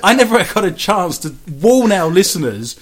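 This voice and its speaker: A man's voice: high-pitched, big pitch swings, normal speed. A man hosting a radio show, trading cheeky, bawdy jokes with his co-host and laughing at his own lines. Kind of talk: bawdy comic banter.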